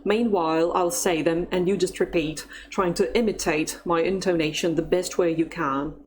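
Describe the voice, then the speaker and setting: A woman teaching a language lesson, speaking slowly and carefully in an encouraging instructional tone. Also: on the low side, steady tone, slight background noise.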